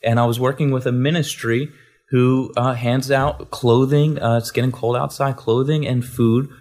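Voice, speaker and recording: A man's voice: medium pitch, steady tone, normal speed, a little mellow. A man, a guest minister, telling a testimony story in a rambling way, full of restarts and asides.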